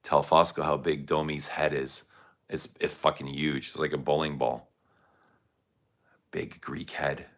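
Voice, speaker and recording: A man's voice: a bass voice, flat delivery, unhurried, pauses often. A man hosting a casual fragrance livestream, rambling loosely and reacting to viewer comments. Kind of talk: casual livestream chat answering chat.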